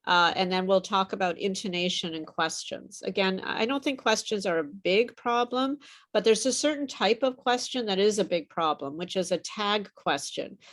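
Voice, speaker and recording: Woman, pronunciation teacher, encouraging, talks it through with fillers, middle pitch. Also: normal speed, fairly bright tone. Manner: encouraging, explains patiently with many fillers. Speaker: English pronunciation tutor. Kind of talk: online pronunciation lesson.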